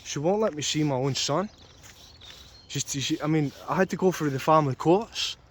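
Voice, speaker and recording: A man's voice: on the high side, moderate pace, a little hiss or hum. A young man ranting angrily and repetitively about a custody dispute, swearing often. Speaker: vlogger. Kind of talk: angry personal rant.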